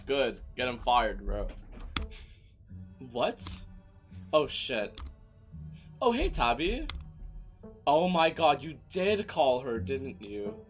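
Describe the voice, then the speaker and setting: A young man doing let's play commentary, loud, excitable and profane, yelling at the characters. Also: medium pitch, slow pace, long pauses, soft background music. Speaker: gaming streamer.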